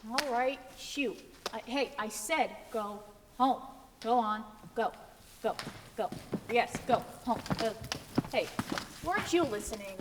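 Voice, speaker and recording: A woman's voice: on the high side, slow pace, long pauses, distant mic, noisy background. A woman playing a blustering gatekeeper in an amateur stage play, bossy and repeating orders, heard from afar in a reverberant hall. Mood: shooing. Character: gruff gatekeeper guarding the wizard's door. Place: theater stage.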